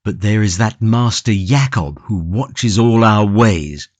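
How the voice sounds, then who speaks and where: A man's voice: fairly low pitch, lively intonation, slow, a little mellow, no echo. Man doing an impassioned prisoner in an audiobook, lots of swing in the voice, dead dry studio. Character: passionate imprisoned young tulip grower, brooding and stoic. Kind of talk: audiobook character reading.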